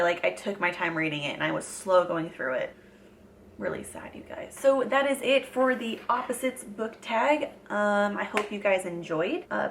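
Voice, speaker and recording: A woman's voice: medium pitch, gravelly, a bit bright, slight background noise. A young woman talking casually to camera as a book vlogger, gushing and chatty with lots of fillers.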